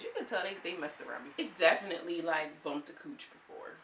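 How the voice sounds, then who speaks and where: A woman giving a chatty, laughing recap of a reality show, animated and full of asides. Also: fairly low pitch, fast, a little hiss or hum. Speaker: show reviewer. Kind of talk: casual gossip recap. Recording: echoey room.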